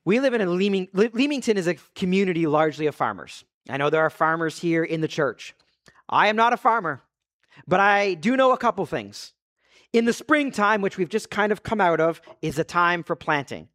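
A man's voice: high-pitched, expressive, brisk, a bit bright. A man, a pastor preaching an earnest, conversational sermon full of rhetorical questions.

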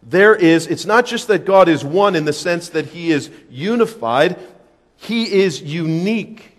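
A man preaching a sermon, mixing quick asides with slow, heavily stressed phrases. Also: on the high side, animated, in a large hall. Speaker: pastor.

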